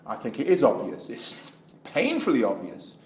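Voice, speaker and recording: Middle-aged English man, candidate in a street interview, rambling storyteller, mid pitch, roomy echo. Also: huge pitch swings, normal speed, a little mellow, slight background noise. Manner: rambling, acts out dialogue in anecdotes. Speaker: independent election candidate. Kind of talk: interview answers.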